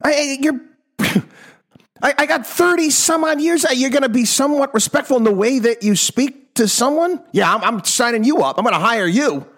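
A man hosting a talk program, ranting in an exasperated monologue that swings from loud outbursts to low mutters, in his fifties. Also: moderate pace. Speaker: radio talk show host. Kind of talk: opinionated monologue.

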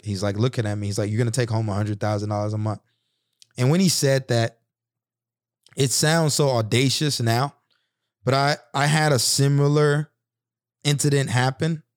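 A man's voice: mid-range voice, no echo. Earnest man in his thirties, dry. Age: 30s. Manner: earnest, reflective, conversational with many restarts. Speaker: podcast host. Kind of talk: personal storytelling monologue.

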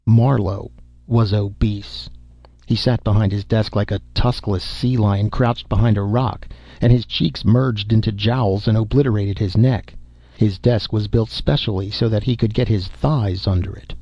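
A man narrating an audiobook in a measured, even way, in a dull recording. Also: fairly low pitch, vocal fry, dry recording. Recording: dull, dry close-mic audio.

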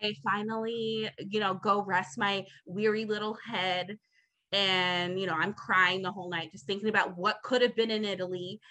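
A woman's voice: medium pitch, steady tone, moderate pace, bright, forceful tone, rough recording. A young adult woman hosting a podcast, telling a long story in a casual, rambling, exasperated way with plenty of swearing. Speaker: podcast host.

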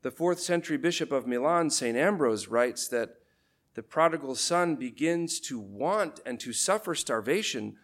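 A man, a priest, preaching a sermon in a measured, deliberate way, letting key phrases fall low for emphasis. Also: expressive, a bit bright.

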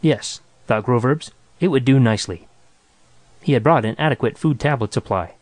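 Man, story narrator, measured even reading, dry close sound. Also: mid-range voice, no echo.

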